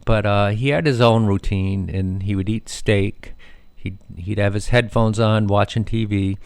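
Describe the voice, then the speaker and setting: A man's voice: lowish voice, steady tone, measured pace, gravelly, a little mellow, smooth, dry recording. A middle-aged man hosting a radio show, telling rambling family stories with many fillers and restarts.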